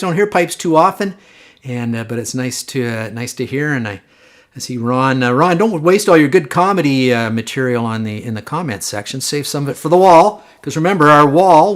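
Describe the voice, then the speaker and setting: A man hosting a live online show in a chatty, casual way with lots of fillers, greeting viewers by name. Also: fairly high pitch. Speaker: host.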